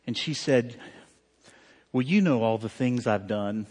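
A man's voice: medium pitch, measured pace, a little mellow. A man, a pastor telling a personal story in a sermon, conversational and heartfelt, with many fillers and restarts. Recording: long hall reverb.

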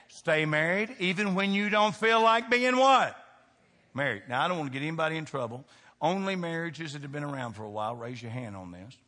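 A man's voice: mid-range voice, pushed and bright, in a large hall. A man pastor preaching a sermon, emphatic and folksy, throwing call-and-response questions to the congregation. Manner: folksy, joking asides to the congregation.

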